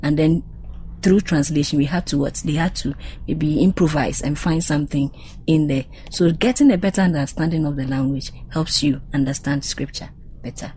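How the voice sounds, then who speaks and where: A woman's voice: deep voice, normal speed, mellow, slight background noise, low-quality recording. A woman with a Ghanaian accent, a panelist explaining scripture and language with examples. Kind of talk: panel discussion on Bible study.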